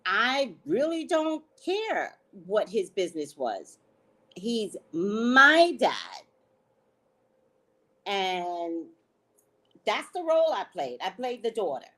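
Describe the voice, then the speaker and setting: A woman host telling a story in a casual chat, animated and laughing, salty, often checking in with "right?". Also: medium pitch, slow, pauses often. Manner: frank, salty slang.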